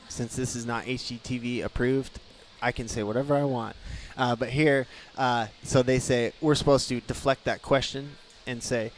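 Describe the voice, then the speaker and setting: A man, a guest in a radio studio, telling a story in casual chat and acting out the people in it with lively energy. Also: mid-range voice, moderate pace, a little hiss or hum. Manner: animated, acts out quotes.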